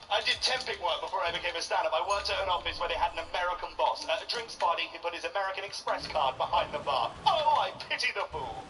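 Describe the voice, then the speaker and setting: Posh British stand-up comedian. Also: male voice, sits high, fast, few pauses, distant mic, background noise. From Britain. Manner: posh, self-mocking storytelling. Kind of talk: stand-up routine. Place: large theatre stage.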